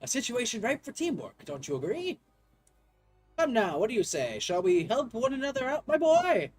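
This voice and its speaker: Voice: mid-range voice, very animated, normal speed, faint music behind, voice pushed up, lightly acted. A player reads game dialogue aloud in a put-on voice as a genteel, chatty male professor with polite old-fashioned phrasing. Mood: enthusiastic. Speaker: gaming video creator.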